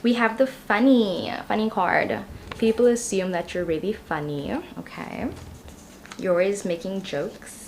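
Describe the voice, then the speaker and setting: A woman's voice: mid-range voice, measured pace, darkish tone, slight background noise. Chatty young woman reading tarot. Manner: chatty and rambling, many ums and you-knows. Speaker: tarot reader. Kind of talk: casual tarot reading to camera.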